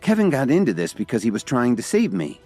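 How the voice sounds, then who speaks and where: A man's voice: medium pitch, wildly swooping pitch, quick pace, darkish tone, faint music behind, voice pushed up. A man voicing a stubborn, nervous young woman in a storybook reading, his voice pushed well up to play her.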